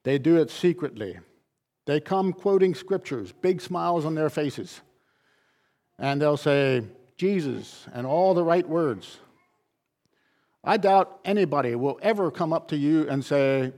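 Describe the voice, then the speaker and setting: A man's voice: fairly high pitch, expressive, normal speed, mellow. Man preaching with emphatic repetition. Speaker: pastor. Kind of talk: sermon.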